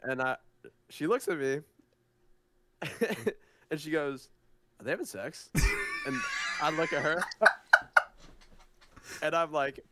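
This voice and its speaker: A man's voice: a little high, slow pace, long pauses, pushed and bright, slight background noise. A young man co-hosting a casual podcast, telling a story in an easygoing way and laughing often. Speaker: podcast co-host.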